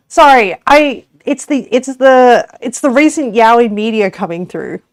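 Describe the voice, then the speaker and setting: Giggly Australian woman streamer, unhurried. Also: a little high, dry recording, studio quality. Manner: giggly, rambling, self-correcting. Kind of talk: casual livestream chat while cooking.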